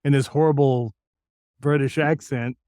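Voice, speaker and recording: A middle-aged man from New Mexico, a voice actor telling lively anecdotes in an interview. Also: mid-range voice, measured pace, clean tone, dry recording, studio quality. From New Mexico, USA. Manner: lively anecdotal, acts out quoted lines. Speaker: voice actor guest. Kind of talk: interview storytelling.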